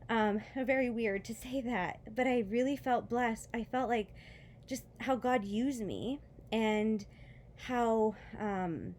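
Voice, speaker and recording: A woman's voice: on the high side, takes it slowly, slight background noise. Tearful woman sharing a personal testimony. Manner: emotional, near tears, laughing softly between words; rambling with many fillers and restarts. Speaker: vlogger.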